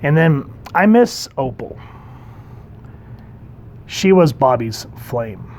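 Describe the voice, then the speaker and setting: A man's voice: mid-range voice, very animated, takes it slowly, a little mellow, a little hiss or hum. A man casually reviewing a comic book, conversational and enthusiastic, with frequent ums. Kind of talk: casual commentary.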